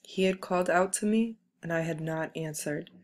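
A woman reads a book aloud at a measured, steady pace. Her voice is fairly low for a woman. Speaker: reader.

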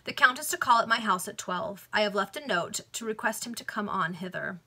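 A woman voicing a cool, scheming male Victorian financier in a read-aloud novel, speaking with calm irony. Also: mid-range voice, a little fast, slightly rough, full character voice. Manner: cool, ironic.

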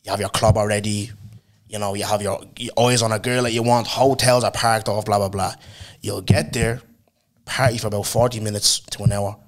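A man with a fairly low voice hosts a casual podcast. He asks his guest questions in a chatty way and keeps calling him "bro". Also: steady tone, brisk. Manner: chatty, says "bro" often. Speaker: podcast host.

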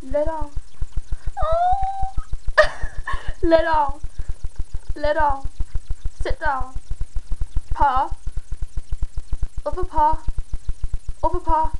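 A woman's voice: high voice, fairly even intonation, drawn-out words, pauses often, slight background noise, rough recording. A woman at home filming her dogs, repeating short commands and cooing praise at them. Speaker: dog owner filming her pets' tricks. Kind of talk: casual home video.

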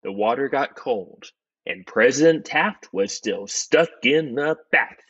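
A man reads a children's story aloud at an unhurried pace, his voice rising and falling dramatically. His tone is a little husky, and the recording sounds somewhat dull. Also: dry recording. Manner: slow, expressive, swoops in pitch for effect. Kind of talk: children's picture book read-aloud.

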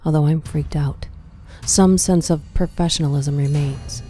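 A woman reads a horror story in a very low, dark voice. She speaks slowly and often drops into a hushed whisper, keeping the tension tight. Faint music plays beneath her. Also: steady tone. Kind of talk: scripted horror narration.

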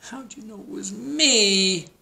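A man voicing an anxious male turkey in a storybook reading, with a high, whiny wail. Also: slow, gravelly, bright, forceful tone, heavily acted.

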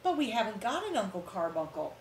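A woman voicing a curious, kind little girl in a read-aloud storybook, eager and bright on questions. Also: sits high, big pitch swings, measured pace, voice pushed up, exaggerated voice. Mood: protesting. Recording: roomy echo, faint hum.

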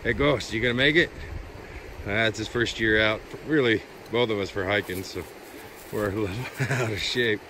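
A man's voice: lowish voice, normal speed. A man talking casually while hiking and prospecting along a mountain creek, rambling and laid-back, a bit winded, recorded on a handheld camera outdoors. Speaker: prospecting vlogger. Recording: outdoor wind and creek noise. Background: flowing creek.

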